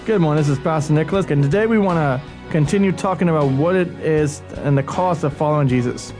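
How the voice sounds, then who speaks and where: Conversational youth pastor, man, slightly high. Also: quick pace, music in the background. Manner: conversational, earnest teaching. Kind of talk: radio sermon talk.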